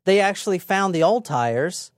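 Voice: mid-range voice, normal speed, dry recording, clean studio sound. A podcast co-host retelling a true crime case in a casual, dramatic way, with frequent swearing. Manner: animated, profane, dramatic retelling.

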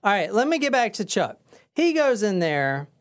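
A podcast host chatting casually, briskly setting up clips and reading from an article. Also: medium pitch, very animated. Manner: brisk storytelling, sets up clips and reads articles. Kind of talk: casual chat.

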